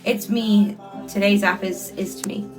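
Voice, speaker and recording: A woman's voice: mid-range voice, steady tone, unhurried, music in the background. A young woman, hosting a casual livestream and reading out viewer comments in a chatty, earnest way, repeating words for emphasis. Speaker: livestreamer and podcast host.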